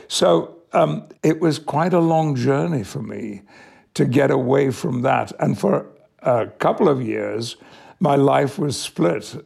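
An older English actor from Yorkshire, telling stories in measured, unhurried answers during an interview. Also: male voice, mid-range voice, gravelly, a little mellow, slightly rough. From Yorkshire, England. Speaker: actor guest.

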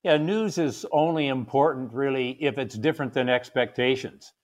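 A man speaking as a guest market commentator on a radio show, measured and explanatory. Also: mid-range voice. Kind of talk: radio interview.

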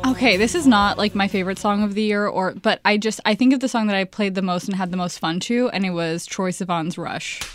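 A woman co-hosting a casual podcast in a studio, upbeat and quick to laugh. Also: medium pitch, faint music behind. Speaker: co-host. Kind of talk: casual chat.

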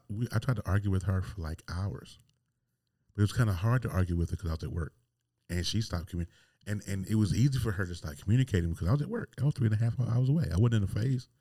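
A deep-voiced man tells a personal story on his podcast. He rambles candidly and restarts his sentences often. His tone is dark and mellow, and the recording is dry and close. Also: no room sound. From North Carolina. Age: 40s. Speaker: podcast host.

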